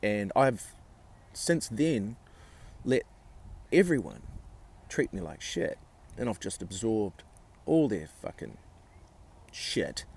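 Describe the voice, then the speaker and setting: A man vlogging, telling a personal story in a blunt, sweary way with halting restarts. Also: lowish voice, vocal fry, a little mellow, slightly rough.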